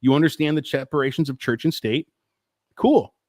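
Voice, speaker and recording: A man's voice: fairly high pitch, normal speed, darkish tone, no echo, studio quality. A man hosting a live stream, ranting in a profane, exasperated and rambling way. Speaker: host.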